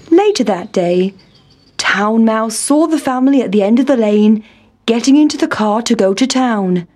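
A woman's voice: on the high side, lively intonation, normal speed, a little mellow. A woman narrating a children's storybook, reading aloud with expression.

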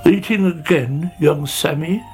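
A man's voice: a little high, measured pace, a little mellow, soft background music, pitched above the performer's own voice. A man voicing a fussy, disapproving old snail in a storybook reading, sighing and scolding.

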